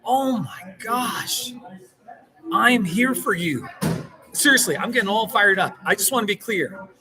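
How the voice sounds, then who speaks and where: A man's voice: high-pitched, lively intonation, moderate pace, crowd noise, rough recording. A man talking to the camera in a casual vlog, rambling and self-mocking and laughing often, outdoors in a small mountain town. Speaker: vlogger.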